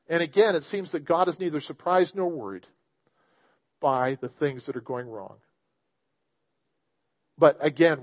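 A man's voice: on the high side, no room sound, dull audio. A man preaching a sermon, reading scripture aloud and explaining it in an earnest, emphatic way. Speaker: pastor.

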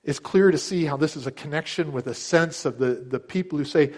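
A man's voice: fairly quick, hardly any pauses, darkish tone. A middle-aged man preaching a sermon, earnest and emphatic, acting out the characters' words with a lifted voice. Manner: earnest, emphatic, acts out quotes with raised pitch. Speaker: pastor.

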